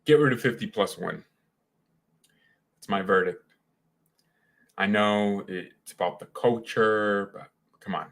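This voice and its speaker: Opinionated male football fan, bright voice. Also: on the low side, takes it slowly, gravelly, pauses often. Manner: opinionated, rambling, slangy. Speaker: fan channel host. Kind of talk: casual live match watchalong commentary.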